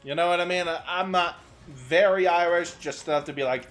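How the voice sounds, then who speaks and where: A young man streaming a game, chatting with his viewers as he plays and breaking into sudden excited outbursts. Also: a little high, brisk, few pauses, soft background music. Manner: chatty, answers chat while playing, sudden excited outbursts. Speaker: VTuber streamer. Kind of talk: gaming livestream commentary.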